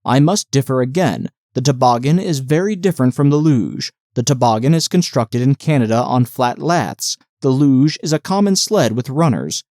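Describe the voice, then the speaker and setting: A man's voice: mid-range voice, expressive, normal speed, few pauses, dark tone, no room sound, clean studio sound, close to an everyday voice. A man voicing a pompous, argumentative male official who insists on every detail. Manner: insistent, pedantic.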